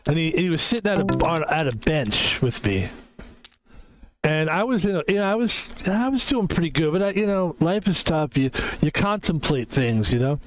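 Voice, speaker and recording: A man's voice: on the high side, lively intonation, normal speed, faint music behind, poor audio. A man streaming a card game and chatting casually, rambling and joking with plenty of swearing. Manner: rambling, jokey, swears freely. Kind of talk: casual gameplay commentary.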